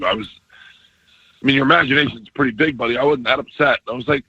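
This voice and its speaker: A man's voice: mid-range voice, quick pace, vocal fry, breathy edge, no room sound, muffled recording. A middle-aged man, a comedian calling in to a radio show, telling stories with lots of laughter and acted-out quotes. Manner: animated storyteller, laughs often, acts out quotes. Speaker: comedian guest. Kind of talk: casual radio interview. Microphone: phone call-in.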